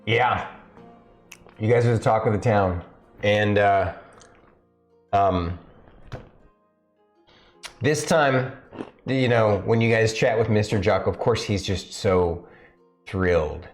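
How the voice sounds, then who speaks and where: A man's voice: lowish voice, slow pace, long pauses, soft background music. A man narrating as game master, rambling with many restarts. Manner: rambling, full of fillers and restarts.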